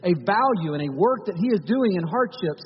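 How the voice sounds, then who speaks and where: A man with a high, husky voice preaches a conversational sermon in a church. His phrases often restart as he talks. The recording is dull and carries a long hall reverb. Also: animated, fairly quick. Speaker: pastor.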